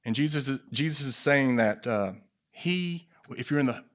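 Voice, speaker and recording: A man preaching a sermon in a voice of middling pitch. He drops to hushed, low phrases and then builds to loud, emphatic peaks. He speaks straight to the congregation with questions and light jokes. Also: lively intonation, normal speed. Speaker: pastor.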